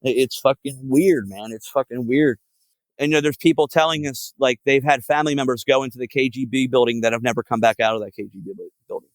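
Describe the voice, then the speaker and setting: Philly guy, mid-pitch, dry recording; loose, cussing raconteur who strings stories together with fillers. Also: quick pace, dry recording, rough recording. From Philadelphia area. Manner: profane, rambling, heavy on filler words. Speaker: guest musician. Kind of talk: casual podcast storytelling.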